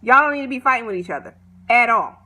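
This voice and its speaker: A woman talks through a reality show episode in a loose, slangy, opinionated way, like she is catching a friend up. Her voice sits a little high and sounds bright and forward. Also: quick pace. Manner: animated, opinionated, slangy storytelling. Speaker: show recap vlogger. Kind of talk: casual chatty TV recap.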